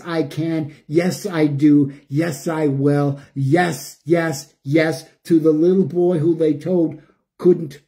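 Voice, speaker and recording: An older man giving an emotional, preachy spiritual monologue, chanting repeated phrases and swinging between loud and hushed. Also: a little high. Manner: preachy, repetitive, chanting lists. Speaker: spiritual speaker.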